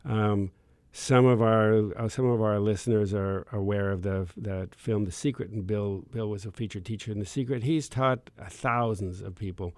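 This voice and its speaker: A man's voice: fairly low pitch, steady tone, moderate pace, hardly any pauses, darkish tone, dry recording. A man hosting a radio talk show from the studio, enthusiastic and meandering as he searches for words. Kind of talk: casual talk show chat.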